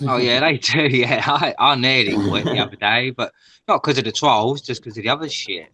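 A man's voice: medium pitch, moderate pace, bright, forceful tone, slight background noise. A man joining a casual livestream chat, agreeable and chatty. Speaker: livestream guest.

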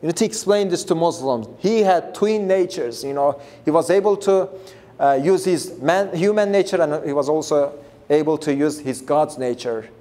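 A man's voice: on the high side, moderate pace, warm tone. A man preaching a Bible lesson in an earnest, emphatic way, repeating himself and restarting phrases as he explains. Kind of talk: Bible teaching.

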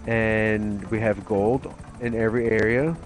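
A man's voice: on the low side, fairly even intonation, unhurried, soft background music, low-quality recording. A man chatting casually as a gaming partner, laid-back with casual swearing.

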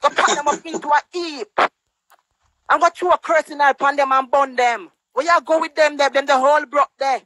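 A Jamaican-accented woman angrily rants in patois on a social media live stream from her phone, scolding people and mocking them by quoting in a higher voice. Her voice is fairly even in intonation, a bit bright, and at normal speed, and the dry, low-quality recording has no room sound.

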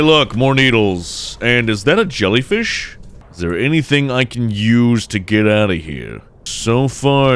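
A young man giving jokey, excitable let's play commentary as he plays, cheering on his fish and breaking into shouts. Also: fairly low pitch. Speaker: gameplay commentator.

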